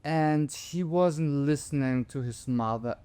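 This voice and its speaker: A man as a podcast guest, telling a story in casual conversation, animated and full of restarts. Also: fairly high pitch, takes it slowly, smooth. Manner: animated, jumps into voices, many restarts.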